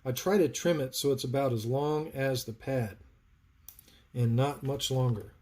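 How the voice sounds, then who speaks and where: A man's voice: medium pitch, measured pace, darkish tone. Man, live-stream builder, chats through a soldering demo while reading viewer comments. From North Carolina, US. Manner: chatty, narrates work while answering viewers. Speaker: livestream host, saber builder. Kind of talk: live soldering tutorial chat.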